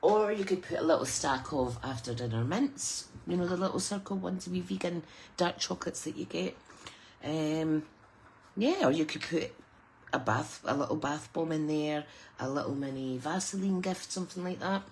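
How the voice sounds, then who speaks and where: A woman's voice: low-pitched, moderate pace, darkish tone. Middle-aged British woman, craft demonstrator, friendly story-time teaching voice, light background hiss. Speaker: papercraft demonstrator. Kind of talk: live crafting tutorial.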